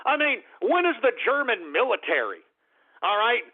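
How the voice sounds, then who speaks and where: Angry high-voiced man on tinny radio. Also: big pitch swings, normal speed, breathy edge. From United States. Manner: angry, profane, repeats "all right?". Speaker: radio show host. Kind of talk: ranting political talk radio monologue. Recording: tinny phone-like radio audio.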